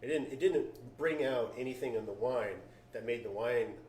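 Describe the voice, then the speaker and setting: A man's voice: medium pitch, normal speed, darkish tone. A man, a winery founder, describing in detail how the food and wine taste during a casual tasting. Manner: descriptive, lingers on flavors. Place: wine cellar. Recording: roomy, distant mic, faint noise.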